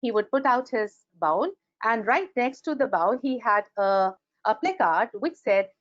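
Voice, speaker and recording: A woman's fairly high voice moves at a measured pace through a grammar webinar lecture, her Indian English accent clear as she animatedly acts out example sentences. The recording, made on a computer mic during a video call, is dry and sounds dull.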